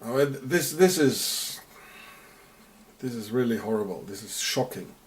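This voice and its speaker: A man's voice: medium pitch, animated, measured pace. A man from South Africa narrating over on-screen footage in rambling commentary, sarcastic and often repeating and restarting his words. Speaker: video narrator.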